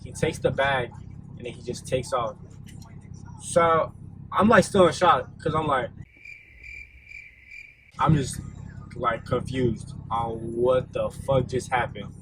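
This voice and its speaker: Young male vlogger, relaxed storyteller, loose and rambling, some background noise. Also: mid-range voice, slow, pauses often. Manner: laid-back, rambling with many fillers. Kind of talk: casual storytime vlog.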